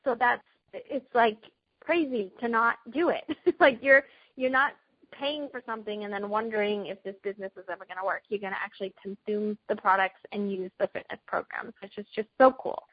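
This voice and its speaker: A woman with a Boston accent leading a recorded business call, talking fast and upbeat in a chatty way. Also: mid-range voice, husky, dry recording, lo-fi sound. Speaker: team leader hosting a business call. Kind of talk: recorded sales pitch call.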